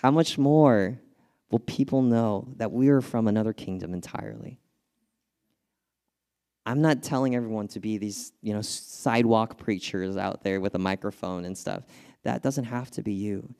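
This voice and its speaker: A young pastor from California preaches in a relaxed, conversational way, telling stories and reading scripture. His voice sits low and comes across smooth and clear. He gets animated and laughs at his own anecdotes. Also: moderate pace. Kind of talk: sermon.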